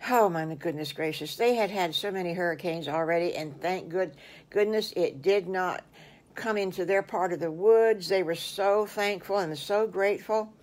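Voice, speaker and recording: A woman's voice: lowish voice, normal speed, darkish tone. An older woman telling her own made-up story to children, folksy and full of little exclamations. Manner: folksy, exclaiming "oh my goodness gracious". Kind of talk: improvised children's story narration.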